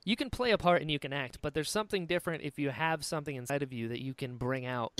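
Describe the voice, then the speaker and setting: A man hosting a podcast interview, talking encouragingly and quickly agreeing with his guest. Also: a little high, fairly bright tone, clean tone, no room sound. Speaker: podcast host. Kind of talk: casual interview chat.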